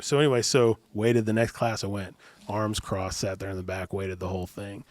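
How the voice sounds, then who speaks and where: A man's voice: fairly low pitch, steady tone, a little fast, no room sound, studio quality. A man, a podcast guest, earnestly telling a personal story in a casual interview, often restarting and repeating words. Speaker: podcast guest, youth minister.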